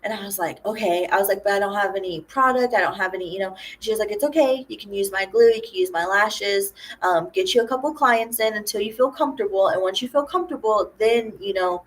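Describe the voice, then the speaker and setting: A woman's voice: mid-range voice, quick pace, few pauses. A young woman chatting casually on camera, retelling a personal story with lots of quoted dialogue. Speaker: lash artist vlogger.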